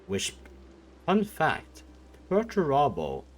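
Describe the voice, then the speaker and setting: A man's voice: on the high side, wildly swooping pitch, slow pace. A young man streaming, retelling a story in a rambling, comedic way with lots of filler words and swearing.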